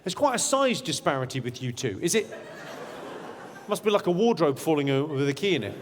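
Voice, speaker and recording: A man's voice: on the high side, very animated, a little fast, background noise. A man doing stand-up crowd work, teasing audience members in a brash, profane way. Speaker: stand-up comedian. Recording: live show in a large hall with loud crowd.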